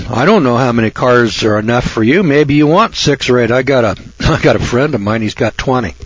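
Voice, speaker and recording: A man's voice: mid-range voice, animated, normal speed, husky, no room sound, muffled recording. A man giving a folksy, sarcastic rant in casual talk to his audience. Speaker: online video host. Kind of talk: casual ranting monologue.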